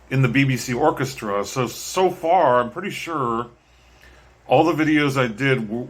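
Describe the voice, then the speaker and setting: Regular guy rambling to camera, lots of ums, mid pitch voice. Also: fairly bright tone. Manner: rambling, hesitant, many ums and restarts. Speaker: vlogger and musician. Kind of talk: casual talk to camera.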